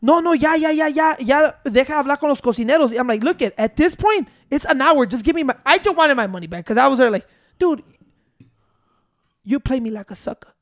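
A man's voice: very high voice, animated, fairly quick, a bit bright, dry recording, studio quality. A man telling a long, profane story in casual chat with friends, switching into Spanish and interrupting himself with "wait". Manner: rambling, profane, mixing in Spanish, keeps saying "wait".

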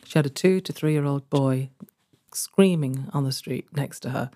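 A middle-aged woman telling a personal story in an interview, earnest and warm, laughing often and growing emotional. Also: very deep voice, normal speed. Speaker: guest, former social care worker. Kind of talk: conversational storytelling.

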